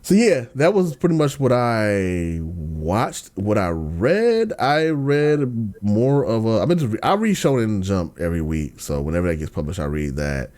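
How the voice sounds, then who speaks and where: A man hosting a podcast in casual chat, slangy and ranting, dropping to low mumbles and then bursting into excited outbursts. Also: a little slow, hardly any pauses. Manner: slangy, lots of fillers and restarts. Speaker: podcast host.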